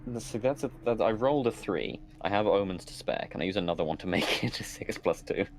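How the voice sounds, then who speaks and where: Male player with a very low but highly expressive voice and wry asides; audible noise. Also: brisk. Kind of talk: casual tabletop play. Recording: clear background noise.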